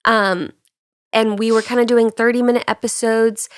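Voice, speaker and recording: A young woman co-hosting a podcast in casual chat, relaxed on a couch, her voice still a little sick. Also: a little high, normal speed, smooth, no room sound. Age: young adult. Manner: chatty, laughs often, relaxed. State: slightly sick voice. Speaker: podcast co-host. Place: on a couch indoors.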